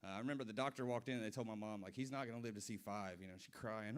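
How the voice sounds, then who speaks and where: Rapid-fire and lowish, this twenty-something comedian's voice drives a stand-up set at a brewery. He tells loose, profane stories and throws asides to the crowd.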